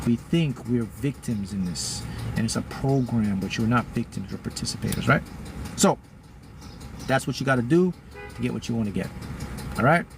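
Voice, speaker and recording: A man at an everyday middle pitch talks to his audience like a motivational teacher. He repeats his key lines and suddenly pushes his voice up into loud, high bursts before settling back. A faint hum of traffic sits far behind him. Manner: emphatic and repetitive, often jumping to loud, high bursts. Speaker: manifesting teacher. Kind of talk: motivational talk to a live audience.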